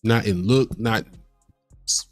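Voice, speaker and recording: A low-voiced man hosts a livestream and reacts to clips in a casual, profane rant. His delivery is animated and heated. The sound is close and dry, with faint music underneath. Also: slow pace, no room sound.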